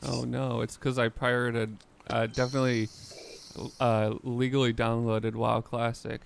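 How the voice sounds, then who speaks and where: A man co-hosting a casual podcast, dropping dry, deadpan jokes. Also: mid-range voice, a little slow, creaky, a little hiss or hum. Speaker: podcast co-host. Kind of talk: casual live-streamed podcast chat.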